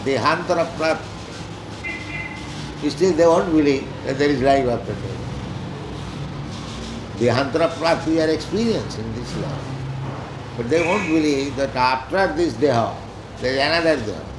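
A man's voice: fairly high pitch, expressive, normal speed, long pauses, roomy sound, noisy background. A man, a spiritual teacher giving an informal philosophical talk, chanting verses and scolding bluntly and emphatically.

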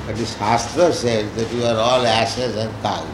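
A man's voice: on the low side, level tone, a little slow, roomy sound, noisy background. A man, a spiritual teacher giving an informal philosophical talk, chanting verses and scolding bluntly and emphatically.

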